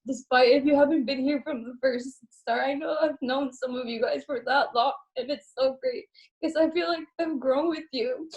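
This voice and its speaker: A young woman on a video call, choked up and tearful, giving a halting thank-you speech. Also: high voice, darkish tone, poor audio. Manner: halting, repeats herself. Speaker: program participant.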